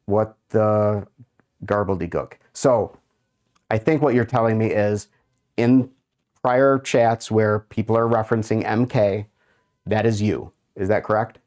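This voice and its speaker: Dude on a stream reading chat out loud, low voice, takes his time, mumbles while browsing. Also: steady tone. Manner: unhurried, muttering while browsing, amused asides. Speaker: livestream host. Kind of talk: casual livestream chat, reading chat aloud.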